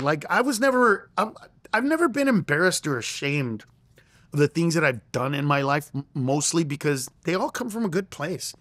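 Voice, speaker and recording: A man's voice: fairly high pitch, animated, fairly quick, fairly bright tone, no room sound. A middle-aged man, a comedian and interview guest, telling a story with lots of energy and acting out quoted lines in a raised voice. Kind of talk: animated storytelling.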